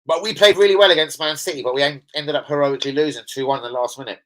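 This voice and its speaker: Racing along in a fairly bright, high-ish voice, a Londoner rambles about football during a casual live stream from home. The recording is low quality, and his talk is full of slang, swearing, and anecdotes.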